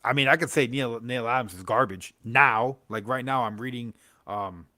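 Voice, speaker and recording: A man's voice: medium pitch, normal speed, pushed and bright, no echo, studio quality. A young man hosting a comics livestream, rambling in casual chat with lots of fillers, slang and laughs.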